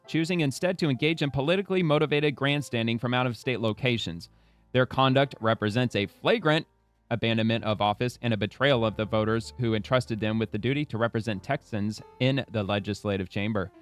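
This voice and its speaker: A man's voice: mid-range voice, a little fast, soft background music. A man hosting a casual political commentary show, reading a press release aloud and breaking in with blunt, profane asides.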